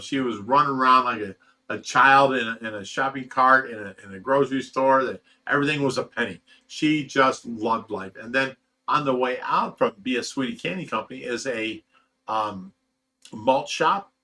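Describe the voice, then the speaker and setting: Middle aged ohio guy rambling on his stream, bright voice, lots of ums and restarts. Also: mid-range voice, moderate pace. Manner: emotional, rambling storytelling with fillers and laughs. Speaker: fish rescue channel host reading live chat. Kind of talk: casual livestream chat.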